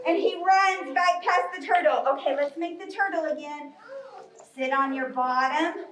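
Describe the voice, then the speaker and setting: A woman guides children through yoga poses in a bright, coaxing voice that sits high and moves at an unhurried pace. She is recorded from a distance in an echoey library room. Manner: cheerful, coaxing instructions. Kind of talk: live kids' yoga story class.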